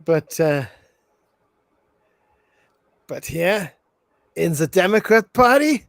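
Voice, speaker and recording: A man's voice: high-pitched, big pitch swings, slow, gravelly, no echo. A man hosting a casual movie commentary, rambling with restarts and frequent laughs. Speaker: film commentary host.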